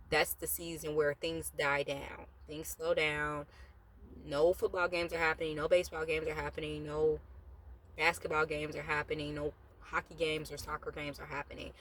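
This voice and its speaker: A woman talks in a relaxed, chatty way from inside her parked car, a little low in pitch. She rambles between asides while keeping an encouraging motivational thread. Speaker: motivational vlogger. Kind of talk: casual motivational talk.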